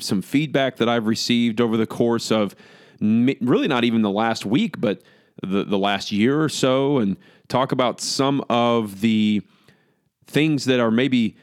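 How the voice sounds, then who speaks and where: A man with a slight lisp hosts a solo podcast, speaking casually in a rambling, self-deprecating way. His voice is smooth and clear, recorded dry and close with no room sound. He talks. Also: mid-range voice, no room sound. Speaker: podcast host.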